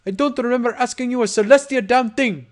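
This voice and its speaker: A man's voice: very high-pitched, normal speed, voice pushed up. A man voicing a menacing, crude male pony gangster in a fan audiobook, taunting and swaggering.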